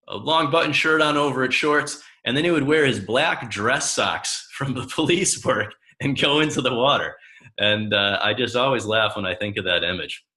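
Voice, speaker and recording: Animated storytelling man, bright tone. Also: medium pitch. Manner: animated storyteller who acts out the voices of the people in his stories. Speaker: coach. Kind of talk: personal storytelling talk.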